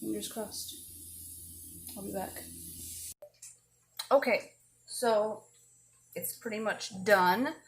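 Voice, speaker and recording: Woman, home cook vlogger, chatty and self-deprecating; roomy kitchen sound, pan sizzling loudly under her voice. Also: medium pitch, takes it slowly, pauses often. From not from the American South. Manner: chatty, self-deprecating, talks while cooking. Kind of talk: casual cooking vlog. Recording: echoey kitchen with frying noise.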